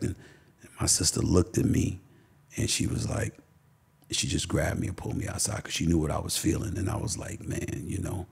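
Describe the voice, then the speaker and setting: A man's voice: deep voice, creaky, breathy edge. A middle-aged man from Queens with a New York accent, a guest telling stories emphatically with many restarts. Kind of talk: podcast interview, storytelling.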